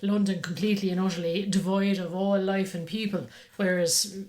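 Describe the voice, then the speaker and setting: A woman's voice: medium pitch, moderate pace. A woman co-hosting a casual film podcast. She talks in an easy, conversational way and teases her co-host now and then. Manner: relaxed, conversational, teasing.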